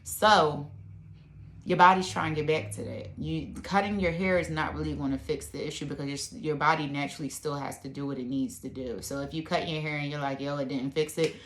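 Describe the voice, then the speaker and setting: A woman's voice: low voice, steady tone, fairly quick. A woman vlogger chatting casually to her camera at home, rambling with lots of fillers. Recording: echoey room.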